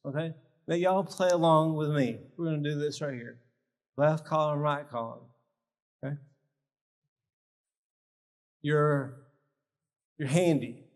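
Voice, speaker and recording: A man with a slightly high voice leads a live workshop, driving his points home in short, punchy phrases. His voice rings with the long reverb of a large church hall. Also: fairly even intonation, measured pace, long pauses. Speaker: speaker at a health symposium.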